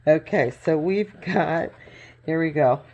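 A woman's voice: low voice, slow pace, highs cut off, noisy background. A middle-aged woman chatting casually at her home craft table as she unboxes papers, gushing over each sheet with plenty of fillers. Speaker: craft vlogger. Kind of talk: casual unboxing show-and-tell.

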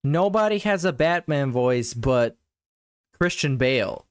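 A man hosts a stream, talking over a video with blunt sarcasm and frequent swearing. His voice swings widely in pitch, and it sits dry and close, with no room sound. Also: expressive, unhurried, clear, resonant tone, dry recording. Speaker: stream host reacting to a video. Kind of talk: sarcastic live commentary.

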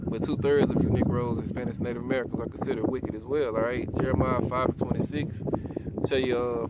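A man's voice: mid-range voice, level tone, brisk. A man preaching outdoors to a self-filmed camera, reading scripture in old formal wording and checking in with "all right?" after nearly every point. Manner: peppers talk with "all right?" and "you know what I'm saying". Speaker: street preacher. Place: outdoors in a rural spot. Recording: loud wind noise outdoors.

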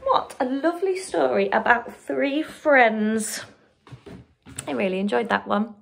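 Slow, expressive woman reading a storybook. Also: a little high, creaky, a little hiss or hum. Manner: expressive, drawn-out, lively character voices. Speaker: teacher reading a picture book. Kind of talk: storybook read-aloud for young children.

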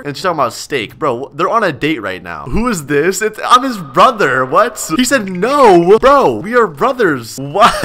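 A young man commenting on a role-play game, excitable and incredulous, saying "bro" constantly and dropping to a whisper while sneaking around. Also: fairly high pitch. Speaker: gaming YouTuber.

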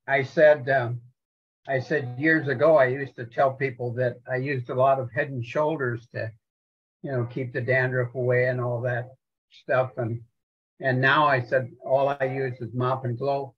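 A man telling a quick joke on a group call. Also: mid-range voice, steady tone, breathy edge. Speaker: caller. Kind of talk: casual joking on a call. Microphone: video call. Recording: dull lo-fi call audio.

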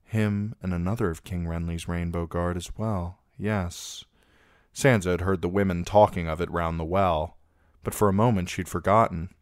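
A man narrating a fantasy novel as an amateur audiobook reader, with steady, even storytelling. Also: low voice, moderate pace, no room sound, clean studio sound.

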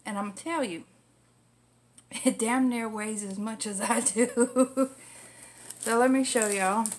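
A woman's voice: a little high, steady tone, measured pace, slight background noise. A woman vlogger chatting casually through an unboxing, laughing often, using salty language and getting emotional while thanking friends. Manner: emotional, near tears when thanking.

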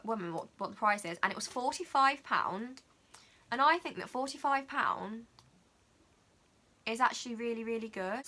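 Teenage girl, dramatic, gushing, quick, bright. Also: a little high, a little hiss or hum. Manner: gushing, dramatic, fast-talking. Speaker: beauty vlogger. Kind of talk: excited haul chat.

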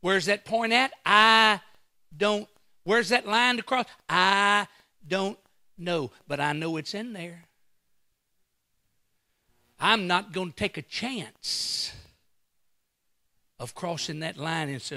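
Male guest preacher, high bright voice, dry close sound, slow dramatic delivery. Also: no echo. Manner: preaching with sudden loud bursts and acted quotes. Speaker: guest pastor. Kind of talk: sermon. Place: church.

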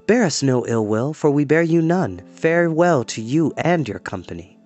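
A man's voice: fairly high pitch, animated, normal speed, darkish tone, faint music behind, close to an everyday voice. A man reading aloud, voicing an earnest young male hero who speaks firmly and formally. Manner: firm, earnest, formal speech.

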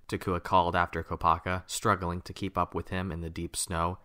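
Deep, bright-toned male narrator. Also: flat delivery, a little fast, hardly any pauses, clear, resonant tone. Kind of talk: storybook narration.

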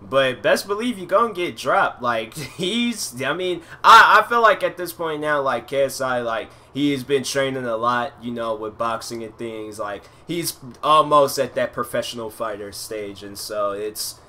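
A man's voice: mid-range voice, a little slow, few pauses, sharp tone. A man hosting a reaction video, giving casual, rambling commentary full of "like" and restarts.

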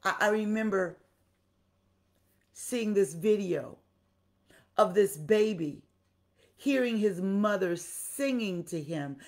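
A woman's voice: medium pitch, animated, slow pace, long pauses, a little mellow. A woman preaching a sermon with passion, repeating phrases for emphasis and talking straight to her listeners. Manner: talks directly to the congregation.

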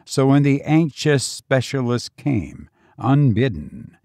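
A man narrating a vintage story as an audiobook in a measured, solemn storytelling manner. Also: medium pitch, very animated, dark tone, dry recording, studio quality.

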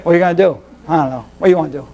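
A man's voice: fairly high pitch, racing, gravelly, dull audio, a crowd in the background, pitched below the performer's own voice. A preacher voicing a sluggish, bored man with nothing to do, in a listless drawl.

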